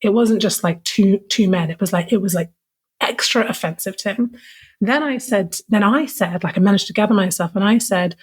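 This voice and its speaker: A woman with a husky, slightly breathy voice at a middle pitch talks as a podcast guest. She tells a personal story in a loose, conversational way, full of "like" and frank, heartfelt phrasing. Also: moderate pace. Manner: casual, fillers of "like", frank and emotional.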